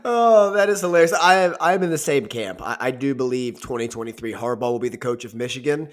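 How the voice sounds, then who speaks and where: A man's voice: medium pitch, quick pace. A sports podcast co-host with a mid-range male voice. He chats in an easygoing way and mostly agrees with his partner. He fills his talk with casual slang. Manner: laid-back, agreeable chatter with "man" and "dude".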